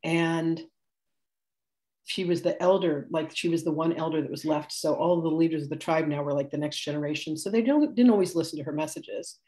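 A woman's voice: low-pitched, a little fast, warm tone. A woman in her sixties, a spiritual teacher giving a live class demonstration, chatty and rambling, laughing often and correcting herself as she tells stories.

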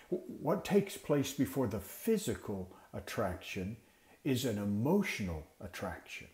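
A man with a mellow, soft-edged voice teaches from scripture for people who lead classes. He poses questions and then answers them himself. The recording has a roomy echo around him. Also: medium pitch. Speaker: Bible teacher training class leaders. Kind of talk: teaching talk for Sunday school teachers.

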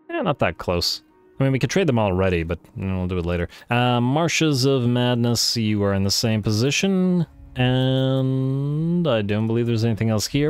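A man giving relaxed let's-play commentary on a strategy game, thinking aloud with frequent pauses, his voice going a little hoarse. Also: on the low side. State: losing his voice. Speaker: gaming YouTuber.

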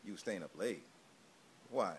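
A man with a lively, bouncing voice plays with a toddler, putting on a mock-tough act and teasing. A faint hiss sits under his voice. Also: on the low side, a little slow. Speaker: adult playing with a toddler. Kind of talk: playful chat with a baby.

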